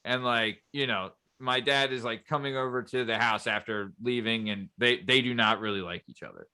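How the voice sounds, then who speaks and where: A man's voice: medium pitch, moderate pace, clear, resonant tone. A man hosting a podcast, in casual chat, telling stories animatedly and swearing freely. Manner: animated storyteller, swears freely, asks "you know what I mean". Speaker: podcast host.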